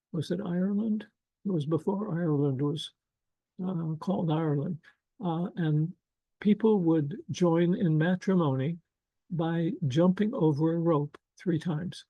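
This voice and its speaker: An older man presenting an online workshop over a video call, speaking slowly and gently with many fillers and asides. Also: on the high side, no echo, highs cut off. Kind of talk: casual online workshop talk.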